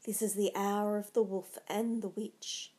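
Macbeth, as a woman reads him, slow and inward. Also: medium pitch, little pitch movement, warm tone, close to an everyday voice. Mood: tense. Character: troubled Scottish nobleman, grown man, fearful and guilty.

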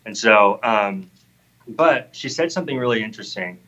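A man's voice: on the low side, expressive, normal speed, pushed and bright, muffled recording. A man in his thirties telling an earnest, heartfelt personal faith testimony in conversation. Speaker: guest sharing a testimony.

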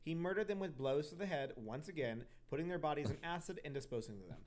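A man's voice: a little high, animated, fast talker, a little mellow. A young man hosting a podcast, telling a true crime story casually, with profane asides and self-corrections. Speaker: podcast host.

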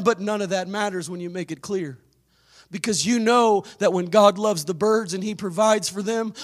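A man's voice: extremely high pitch, a bit bright. A man preaching a sermon in an emphatic, exhorting way, with dramatic bursts. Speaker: pastor.

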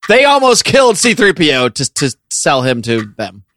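A man hosts a loose, comedic podcast, rambling through plugs and games with frequent laughter. His voice is bright and lively in pitch, and the sound is dry and close. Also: normal speed, no echo. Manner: joking, rambling, laughs often. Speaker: podcast host. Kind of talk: casual comedic podcast banter.

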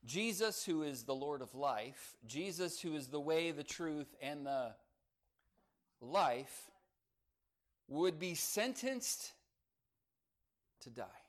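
A man's voice: on the high side, very animated. Dynamic preacher man with big swings. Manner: dynamic preaching, rising loud on key phrases, dropping soft for emphasis; slows down to stress words. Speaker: pastor. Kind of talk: sermon.

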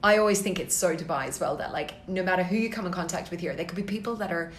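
Animated woman chatting in an echoey room. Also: on the low side, fast, heavy background noise. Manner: animated, exclaims and laughs, swears mildly. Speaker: podcast co-host. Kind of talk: casual chat.

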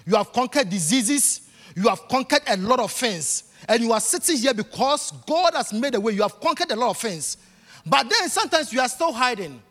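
A male preacher delivers a sermon in a reverberant church hall, his voice pitched high and swinging widely. He drives his points home by repeating them, with soft music running faintly underneath. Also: big pitch swings, moderate pace. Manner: emphatic, repetitive preaching with rising bursts.

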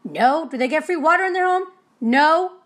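A young woman with a high, bright-sounding voice talks straight to her listeners in a loose motivational monologue. She is blunt and profane, and she tells her stories with plenty of animation, like an energy healer talking about running her own business. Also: animated, moderate pace.

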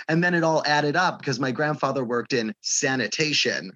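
A man co-hosting a casual podcast chat, animated and laughing often as he acts out relatives in quoted voices. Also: medium pitch, moderate pace, no room sound, dull audio. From Staten Island, New York. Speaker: podcast co-host.

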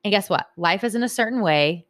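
A woman in her thirties talking candidly about emotions and parenting, swearing freely and growing animated. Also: medium pitch, a little fast, no echo, studio quality. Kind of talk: casual motivational talk.

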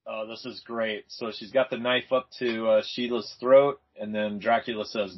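A man chatting casually on a comic book podcast, agreeable and quick to laugh, in slightly muffled audio. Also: on the low side, fairly even intonation. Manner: agreeable, gives short replies, laughs easily. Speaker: podcast guest.

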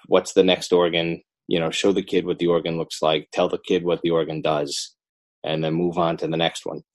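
A very low-pitched man talks casually about his children's book, animated and prone to restarting mid-sentence. The sound is dry and close, with almost no room in it. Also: normal speed, dry recording. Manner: animated, self-interrupting, rising emphasis. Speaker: children's book author, guest. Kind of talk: casual interview talk.

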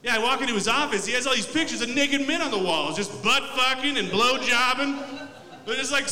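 A man's voice: extremely high pitch, lively intonation, brisk, bright, forceful tone. A young man doing a loose, profane, self-mocking stand-up set in a comedy club. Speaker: stand-up comic. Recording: echoey club room mic.

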